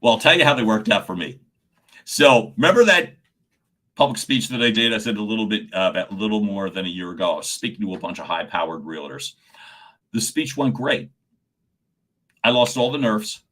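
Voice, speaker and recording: A man coaching on a livestream, talking animatedly and answering viewers' comments by name, often repeating words as he gets excited. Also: on the low side, fairly quick. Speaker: communication coach.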